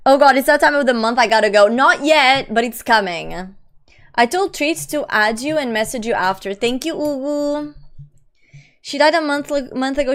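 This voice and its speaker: A woman's voice: fairly high pitch, a bit bright. A young woman live streamer chatting casually with her viewers. She reads their messages aloud in a slangy, talkative way.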